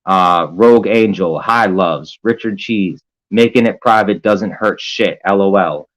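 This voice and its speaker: A man's voice: low-pitched, unhurried, fairly bright tone, low-quality recording. Rambling man reading chat aloud. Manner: rambling and hesitant, full of fillers and profanity. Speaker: live streamer. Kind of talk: casual live-stream chat, reading viewer comments aloud.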